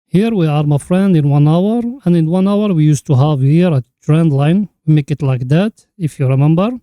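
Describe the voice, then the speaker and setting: A man's voice: on the high side, moderate pace, mellow, dry recording. A man hosting a market chart analysis, talking the viewer through it in an earnest, instructive way and repeating the same catchphrases. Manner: keeps addressing the listener as friend, repetitive catchphrases. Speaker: crypto chart analyst host.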